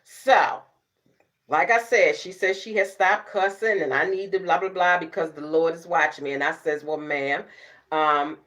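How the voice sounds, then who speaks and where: Woman, middle-aged, casual vlog chat, sassy, loud, laughing, cussing. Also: low voice, moderate pace. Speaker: beauty vlogger.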